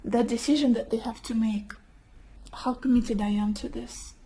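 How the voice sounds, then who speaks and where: A woman giving a gentle, emotive tarot card reading, whose first language is not English and who often drops into a near whisper. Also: a little high, a little hiss or hum, low-quality recording. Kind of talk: soft-spoken pick-a-card tarot reading.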